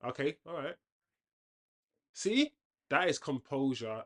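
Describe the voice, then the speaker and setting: Casting note: male streamer, casual live match chat, rambling asides, sudden loud outbursts at the game, mid-pitched everyday voice. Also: sing-song, unhurried, long pauses. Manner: chatty, reacts loudly to the game, rambling tangents. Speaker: host of a football watchalong.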